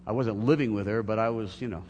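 A man's voice: fairly low pitch, fast, a little mellow, dull audio. Middle-aged pastor guy preaching, earnest, gets emphatic, church echo and faint hum. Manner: earnest, building to emphatic peaks. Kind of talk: sermon. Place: church sanctuary. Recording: long hall reverb, faint hum.

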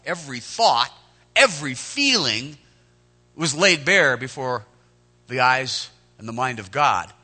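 Earnest bright-voiced male preacher. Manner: swells loud and high on key lines, drops low and soft between; earnest, conversational, confessional. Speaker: pastor. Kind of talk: sermon.

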